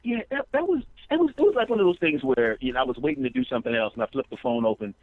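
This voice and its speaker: A man's voice: fairly high pitch, wildly swooping pitch, rapid-fire, no echo, phone-quality sound. A man, a comedian guest, telling stories in an interview, rambling with restarts and acting out quotes. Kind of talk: storytelling interview chat.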